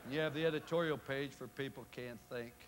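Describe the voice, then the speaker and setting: An older male coach delivering a motivational speech to a room full of listeners, in a voice of ordinary middle pitch. He tells his stories dramatically, acting out the quoted lines and swinging from loud outbursts down to near-hushed remarks, with a faint hiss under the recording. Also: fairly quick. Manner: storytelling, acts out quoted exchanges with sudden loud rises and quiet drops. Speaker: football coach giving a keynote speech. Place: event room before a live audience.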